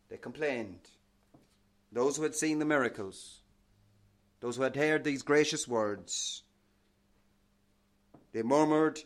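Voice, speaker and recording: A man preaching a sermon with passion, quoting old-fashioned scripture, his voice swelling loud and then dropping to a hush. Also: medium pitch.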